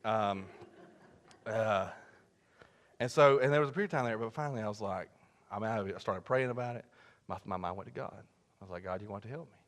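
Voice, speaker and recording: A male pastor preaching a sermon, telling a story animatedly and swinging from hushed asides to shouting. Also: fairly low pitch, a little fast, long pauses. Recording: long church hall reverb.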